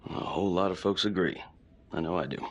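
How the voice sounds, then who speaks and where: An actor playing a steady male police chief in a video game cutscene, calm, measured and paternal. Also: low-pitched, dull audio.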